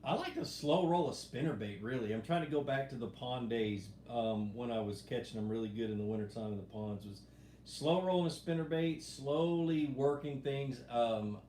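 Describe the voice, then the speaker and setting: A middle-aged man chats casually through a live stream, reading out viewer questions and rambling through his answers. His voice sits in a roomy, echoing space with a faint steady hum behind it. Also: medium pitch, normal speed. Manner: relaxed, rambling, reads viewer questions aloud. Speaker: fishing show host answering live chat. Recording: echoey room with faint background hum.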